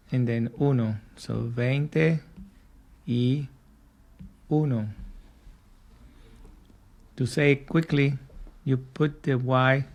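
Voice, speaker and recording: A man teaching a spoken lesson for learners, patient, repeating and drilling each word. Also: mid-range voice. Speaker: language teacher.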